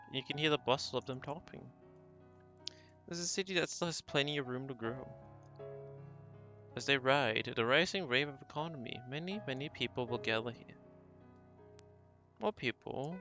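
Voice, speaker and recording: A man's voice: medium pitch, moderate pace, pauses often, bright, forceful tone, faint music behind. A man reading an arrogant, greedy rich husband. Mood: musing. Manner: arrogant, fussy lecturing. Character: proud wealthy young husband, blunt and greedy.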